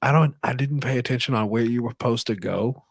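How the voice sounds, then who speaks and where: A man co-hosting a podcast, telling a crude story in a loose, animated way and swearing a lot. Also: mid-range voice, fast talker, creaky, no room sound. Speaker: podcast co-host. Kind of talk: casual storytelling chat.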